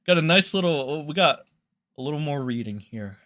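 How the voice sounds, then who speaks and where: A man's voice: a little high, animated, moderate pace, a bit bright. A young man hosting a livestream, rambling and swearing as he comments on online drama and talks to his chat.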